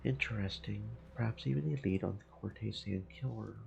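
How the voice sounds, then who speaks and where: A man voicing a calm, courteous minotaur investigator in a measured tone. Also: on the low side, vocal fry, faint music behind.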